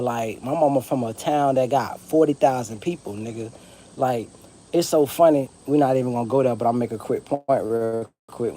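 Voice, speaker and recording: Mellow-voiced Southern man rambling casually. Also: medium pitch. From Broward County, Florida. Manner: rambling, profane, laid-back. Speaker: vlogger. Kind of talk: casual monologue to camera.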